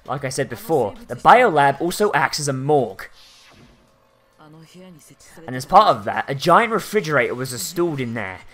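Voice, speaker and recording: A let's-play narrator reading the lines of a calm, analytical young female detective in a low, even, measured voice. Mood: explaining.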